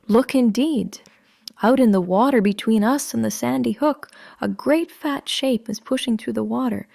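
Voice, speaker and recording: A woman narrating a story in the first person, in a slow, hushed way that often drops to a whisper. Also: fairly high pitch, gravelly, dry recording, studio quality.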